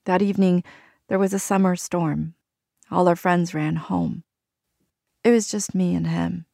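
Gravelly-voiced woman narrating her own story. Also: fairly low pitch, steady tone, measured pace, dark tone, no echo, studio quality. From Argentina. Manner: candid, reflective storytelling. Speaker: journalist and narrator. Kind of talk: personal narration.

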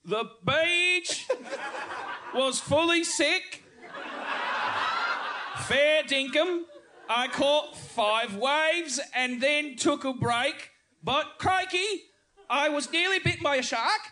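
A man's voice: very high-pitched, background noise, pitched above the performer's own voice. A man voicing an over-the-top Australian bloke full of slang, drawing out his words through laughter. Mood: cheerful, hammy. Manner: drawn-out, laughing exaggerated accent.

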